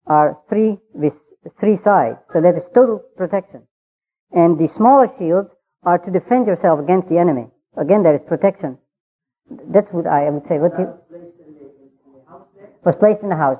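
A man giving a measured, verse-by-verse Bible study, pausing often and filling gaps with "uh". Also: a little high. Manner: measured, unhurried, with frequent pauses and fillers. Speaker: Bible teacher. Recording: tinny phone-like sound.

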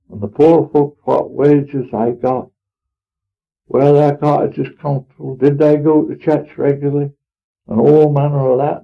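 Man voicing an elderly Norfolk farmer, gravelly voice, earnest rambling monologue, tinny old recording. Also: medium pitch. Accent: rural Norfolk dialect. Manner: homely, earnest, rambling dialect speech. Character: elderly pious rustic farmer, plain-spoken. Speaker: storyteller in character. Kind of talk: dramatic monologue reading.

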